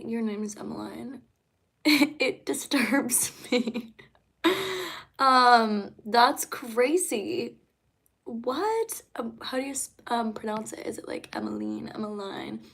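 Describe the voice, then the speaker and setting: A woman's voice: a little high, fairly bright tone. A young woman, a singer-songwriter, chatting casually on a livestream in a rambling way, with many fillers.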